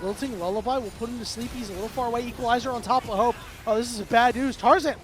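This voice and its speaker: High-voiced excitable male esports caster. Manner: fast, excitable calls that swing to shouting. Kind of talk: play-by-play commentary.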